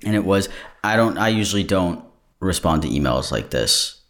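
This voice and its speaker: Deep-voiced man, candid podcast host. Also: lively intonation, moderate pace, a bit bright. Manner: candid and digressive, breaks off mid-thought. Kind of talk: casual solo podcast monologue. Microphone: camera-recorded.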